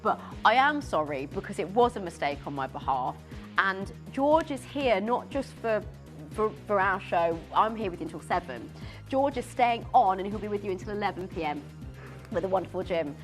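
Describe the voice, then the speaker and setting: A woman presenting live on a shopping channel, excitable and giggly, often tripping over her words. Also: mid-range voice, normal speed, faint music behind. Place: TV studio.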